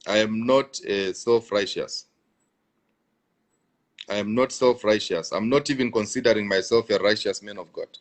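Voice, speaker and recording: A man's voice: lowish voice, moderate pace, pauses often. A man preaching on a live stream who answers viewers, repeats his lines for emphasis and restarts often. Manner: repetitive, emphatic, stammering restarts.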